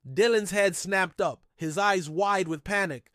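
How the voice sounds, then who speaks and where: A man's voice: sits high, unhurried, hardly any pauses, a bit bright, dry recording, studio quality. Man narrating a dramatic first-person story. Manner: dramatic, emotional.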